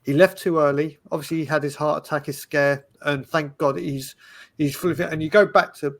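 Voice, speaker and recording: A man in casual chat, telling animated stories with frequent restarts. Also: on the high side, fairly quick. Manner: animated, storytelling, restarts often. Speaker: podcast panelist.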